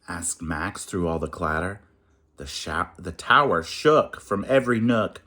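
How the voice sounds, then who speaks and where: A man reading a rhyming children's picture book aloud in an expressive, sing-song way. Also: sits low, slow.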